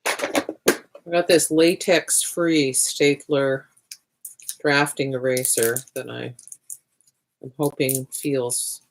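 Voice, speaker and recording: A woman with a low, deep speaking voice hosts a casual livestream while she draws. She talks in a chatty, loose way, breaking off and restarting sentences and muttering to herself as she works. A faint hiss sits under the recording. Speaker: host of a livestreamed art party.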